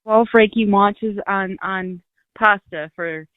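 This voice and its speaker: A woman's voice: medium pitch, clear, resonant tone, no room sound. A woman hosts a casual chat, joking and laughing easily. The audio is dry and narrow, like a phone line. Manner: chatty and joking, quick laughs. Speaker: channel host.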